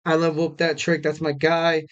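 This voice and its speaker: A man's voice: on the high side, completely flat delivery, moderate pace, clean tone, muffled recording. Chatty young man recapping wrestling. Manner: rambling, many fillers and self-corrections; jokey, laughs at himself. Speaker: podcast host.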